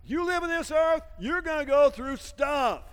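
A man preaching a lively sermon, laughing often and swinging from shouts down to hushed asides, with a folksy habit of saying "man.". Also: extremely high pitch, unhurried, in a large hall. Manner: folksy, calls everyone "man". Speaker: pastor.

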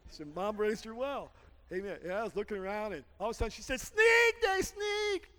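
Animated preaching man in a reverberant hall. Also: sits high, quick pace. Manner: animated preaching with shouted peaks and storytelling. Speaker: pastor. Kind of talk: sermon.

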